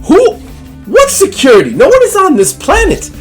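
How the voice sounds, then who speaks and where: A flamboyant tabletop-game showman, shrieking way up high and loud, swooping wildly and full of himself, bossy and excitable, a squealing blowhard who never stops performing for his guests. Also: normal speed, faint music behind, exaggerated voice. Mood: shrill, pompous. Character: flamboyant shrill male dinosaur-hunt showman.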